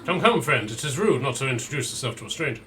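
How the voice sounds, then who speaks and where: A man's voice: medium pitch, animated, fast talker, pushed and bright, a little hiss or hum. Man putting on a courtly Eastern European nobleman. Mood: smooth, insistent. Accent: put-on Eastern European. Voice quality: courtly, fawning and evasive, repeats words. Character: smooth-talking aristocratic man in fine robes.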